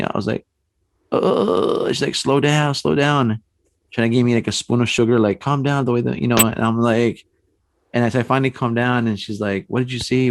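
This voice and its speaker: A man telling a personal ghost story on a podcast, animated and acting out the voices in his tale. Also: mid-range voice, no echo. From San Antonio, Texas. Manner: animated storyteller, acts out quotes, frequent restarts and "man". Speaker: paranormal investigator guest.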